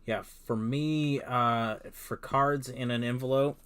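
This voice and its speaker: A man chatting casually on a livestream while he sorts cards, rambling with many pauses and restarts. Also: medium pitch, steady tone, a bit bright, smooth. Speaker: card-business streamer.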